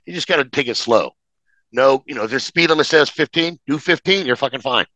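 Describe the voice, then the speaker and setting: Male podcast guest, bright and punchy, animated profane storyteller. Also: mid-range voice, fairly quick, no room sound, low-quality recording. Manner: animated, profane, acts out every exchange. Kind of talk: casual storytelling.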